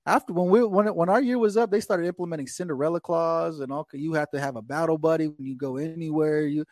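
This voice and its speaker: A man's voice: fairly high pitch, fast talker, darkish tone, no echo, studio quality. A man in his forties, a military veteran guest, telling rambling stories in casual chat and repeating himself. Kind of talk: casual storytelling.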